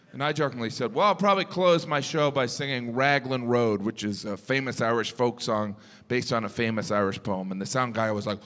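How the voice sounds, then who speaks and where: A man's voice: mid-range voice, animated, a little fast, fairly bright tone. A man performing a stand-up comedy set, telling stories animatedly and acting out both sides of conversations. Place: large theater stage. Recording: live theater with long reverb and audience noise.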